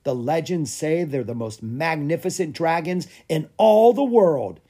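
A reader putting on an excitable young prince. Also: measured pace, breathy edge. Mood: boastful. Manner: eager, pleading, pitch jumps up.

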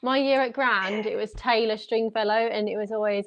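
A woman co-hosting a podcast, chatting in relaxed, giggly banter. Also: mid-range voice, moderate pace, hardly any pauses, lo-fi sound. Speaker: podcast co-host. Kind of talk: casual chat.

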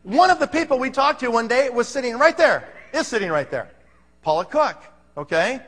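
A man's voice: very high-pitched, lively intonation, moderate pace, fairly bright tone, long reverb tail. A man presenting at a business seminar, telling a story to a live audience in an emphatic, conversational way and often checking in with "okay?".

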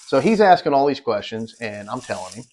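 A podcast co-host with a medium-pitched, sing-song, slightly mellow voice talks a little fast. He tells a long hunting story in a casual, rambling, profane way, getting worked up when he quotes others, and the lo-fi audio sounds dull.

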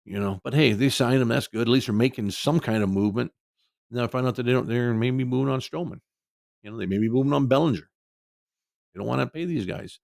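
A man hosts his sports talk show, venting with mock quotes and rising exasperation. His voice is gravelly and fried. The sound is close and dry, with no room. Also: medium pitch, fast talker, darkish tone, no echo. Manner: frustrated ranting, mocking quotes.

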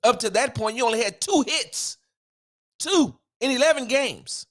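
A man's voice: extremely high pitch, animated, a little slow, a bit bright. A man hosting a solo sports podcast, ranting in a heated, emphatic way with casual slang.

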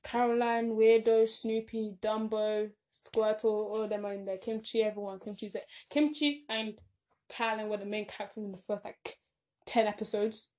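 A woman's voice: medium pitch, flat delivery, moderate pace, mellow. A young woman, maybe in her teens, chatting casually to camera, rambling with lots of "like"s and sudden dramatic emphasis. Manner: rambling, chatty, self-interrupting with many "like"s. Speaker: vlogger. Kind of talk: casual chat.

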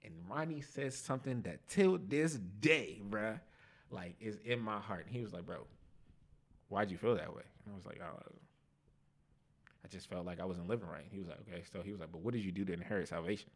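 A young man on a podcast, telling his life testimony in casual slang, animated and laughing at himself. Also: sits low, a little fast. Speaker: podcast guest.

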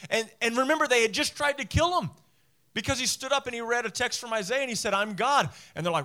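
A man with a high, bright voice preaches a sermon to his congregation. He is emphatic, doubles up his words and slips into little acted voices for the people he quotes. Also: fast talker. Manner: emphatic, repeats phrases, acts out quoted voices. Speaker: pastor.

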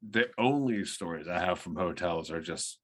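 Young man, lowish voice, laid-back, wry jokes, tipsy podcast chat. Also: animated, moderate pace, fairly bright tone, husky. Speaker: podcast co-host. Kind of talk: casual chat.

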